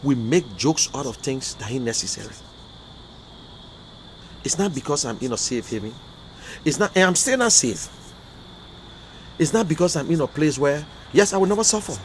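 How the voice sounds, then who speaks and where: A man's voice: fairly high pitch, expressive, normal speed, pauses often, slight background noise. A man from Liberia with a Liberian English accent, hosting an online talk show in an emotional, fiery style full of repeated outbursts. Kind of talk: impassioned livestream commentary.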